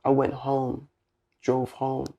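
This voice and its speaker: A man's voice: medium pitch, monotone, slow pace, creaky, warm tone. A man with a British accent, telling a personal story in an interview in casual, slangy street talk, acting out the dialogue. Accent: British English. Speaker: guest.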